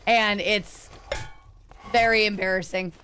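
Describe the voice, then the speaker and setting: A woman's voice: medium pitch, fairly even intonation, slow, background noise. A young woman streaming a game, chatting casually and answering her viewers as she plays. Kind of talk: casual live-stream chat while gaming.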